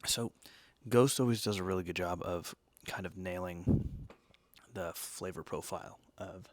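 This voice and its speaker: Reviewing energy drinks and decks, this male host keeps things casual, joking around with plenty of asides and tag questions. His voice sits low and unhurried, and there's no echo.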